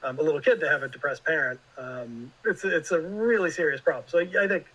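A man's voice: a little high, fast talker, a bit bright, lo-fi sound. A man talking as a guest writer in a casual interview, rambling and leaning heavily on filler words.

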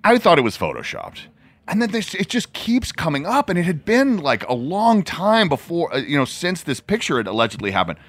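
A male podcast host trading playful, joking banter in a relaxed interview. His pitch swings widely, rising and falling all through each sentence. The voice sounds dry and close, with almost no room echo. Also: a little fast. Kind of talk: casual interview chat.

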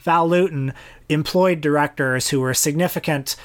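Man co-hosting a film podcast, fairly high voice, measured and thoughtful, self-mocking. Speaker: podcast co-host. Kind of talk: casual film discussion.

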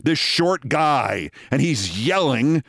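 A man in his sixties hosting a show, telling a story in a measured, dramatic way with wry asides. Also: medium pitch, very animated, gravelly, fairly bright tone, no echo, clean studio sound. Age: 60s. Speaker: host. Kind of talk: storytelling monologue.

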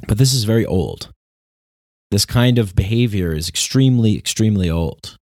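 Low-voiced rambling podcast man. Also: lively intonation, moderate pace, darkish tone, no room sound, studio quality. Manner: rambling and reflective, with frequent restarts and laughs. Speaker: podcast host. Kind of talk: casual monologue.

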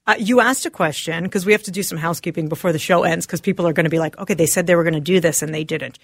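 A woman's voice: on the low side, very fast, no room sound. A woman co-hosting a radio show, chatting casually in the studio and reading answers aloud from her phone.

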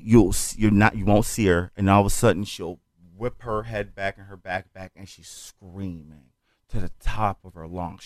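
Here is a male comedian spinning a long anecdote in a fairly low voice, recorded close and dry with no room sound. He talks in an animated, swearing, conversational way and slips into other people's voices. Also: no room sound. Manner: animated, profane, acts out quotes. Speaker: comedian guest. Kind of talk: casual storytelling on a podcast.

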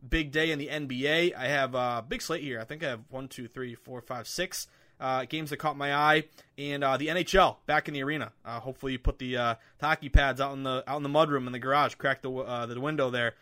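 A man hosting a sports betting podcast, chatting casually from home with lots of fillers and excitement. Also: medium pitch, fast talker. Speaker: podcast host. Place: home room with window open.

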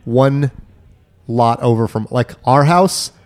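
A man's voice: medium pitch, slow. A man from Arizona, co-hosting a podcast, telling rambling, profane stories in casual chat. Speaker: podcast co-host.

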